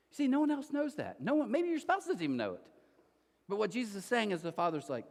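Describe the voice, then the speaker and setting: A man in his forties preaches to a church congregation, with a somewhat high voice that swings up and down with a lot of life. He tells family stories and acts out other people's lines as he speaks. His voice trails off into the long reverb of a large hall. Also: fast talker, gravelly. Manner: animated storytelling, acts out quotes. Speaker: pastor. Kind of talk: sermon.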